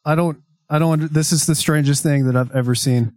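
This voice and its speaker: A man's voice: on the high side, steady tone, fast, darkish tone, no echo. A man in a casual chat who asks a lot of wide-eyed questions.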